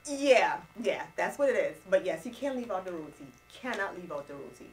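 A woman from Trinidad co-hosting a chat show, animated and quick to laugh and correct her partner. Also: on the low side, a little hiss or hum, poor audio. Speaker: co-host. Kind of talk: casual chat show banter.

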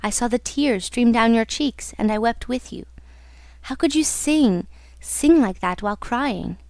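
A woman's voice: a little high, unhurried, darkish tone, no echo. A woman reading the part of a young nobleman, speaking tenderly and with feeling. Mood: moved.

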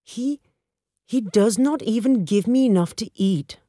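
A woman's voice: lowish voice, animated, a little slow, warm tone, no echo, studio quality. A woman reading a storybook voicing a frail, bitter old father whose voice breaks as he complains. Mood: aggrieved. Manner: aggrieved, pleading, voice breaking.

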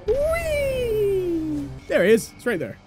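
A young woman giving loud, excitable gameplay commentary, swearing and laughing often. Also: fairly high pitch, normal speed, loud music behind the voice. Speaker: gameplay streamer.

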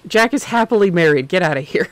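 A man's voice: high-pitched, quick pace, clean tone, dry recording. Chatty, opinionated streamer man. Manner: chatty and opinionated, swings between excited and muttering. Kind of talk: casual gameplay commentary.

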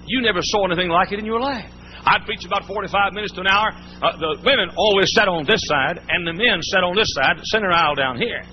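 A man pastor preaching a sermon, telling folksy stories and often repeating and restarting his words. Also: sits high. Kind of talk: storytelling sermon. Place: church before a congregation. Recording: muffled old sermon tape with faint hum.

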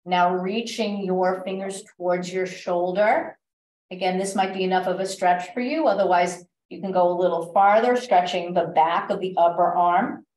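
A woman instructor guiding a stretch class with calm, step-by-step cues and gentle reminders, recorded in a library class room. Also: medium pitch. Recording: echoey room, voice from a distance.

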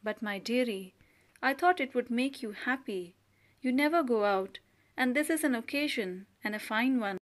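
A woman's voice: fairly high pitch, moderate pace, close to an everyday voice. A woman reading a mild, timid young clerk husband. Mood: gentle.

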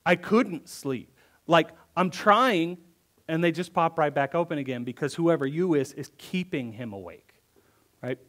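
A pastor preaching a conversational sermon, reading verses aloud and then acting them out with emphatic repetition. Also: male voice, a little high, expressive, measured pace, fairly bright tone. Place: church.

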